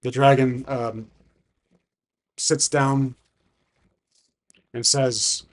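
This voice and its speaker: A man's voice: medium pitch, steady tone, extremely slow, pauses often. Casual man narrating a solo tabletop game. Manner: thinking aloud, frequent restarts and self-corrections; casual, conversational. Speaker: solo game master and player.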